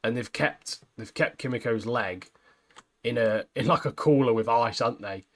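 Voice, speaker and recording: A man's voice: medium pitch, moderate pace, a bit bright. A man co-hosting a podcast, chatting casually and recapping scenes with slang and laughs. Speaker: podcast co-host. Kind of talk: casual chat.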